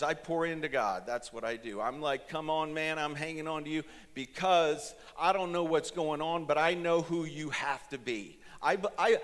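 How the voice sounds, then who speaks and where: A man's voice: fairly high pitch, fairly bright tone, long reverb tail. A man in his fifties preaching a sermon as pastor, telling a personal story in an earnest, emotional way.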